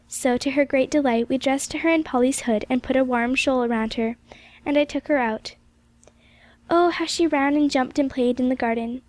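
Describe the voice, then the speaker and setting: A woman reading a classic novel aloud as an audiobook, in gentle, measured storytelling narration. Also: high voice, dry recording. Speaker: audiobook reader.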